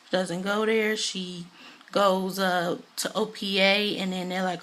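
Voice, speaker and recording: Woman reviewer, chatty and animated, mid-pitched, retells scenes loosely with plenty of fillers. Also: unhurried. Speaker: TV show reviewer. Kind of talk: casual episode recap.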